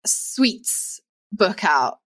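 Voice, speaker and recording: A woman's voice: mid-range voice, big pitch swings, extremely slow, a bit bright. A woman co-hosting a casual cookbook podcast, playful and laughing often. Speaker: podcast co-host. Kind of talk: casual chat about cookbooks.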